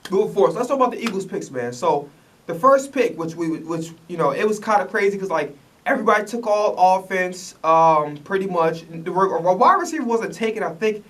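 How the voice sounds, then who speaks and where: A man's voice: high-pitched, expressive, fairly quick, fairly bright tone, far from the mic. A man rants in casual commentary, profane and rambling, stumbling over restarts. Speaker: vlogger reacting to the draft.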